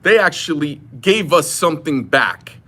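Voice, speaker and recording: Guy ranting to camera, bright voice, worked up. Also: on the high side, sing-song, measured pace. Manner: impassioned, ranting, retelling a phone call. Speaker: knife shop owner. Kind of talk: political rant to camera.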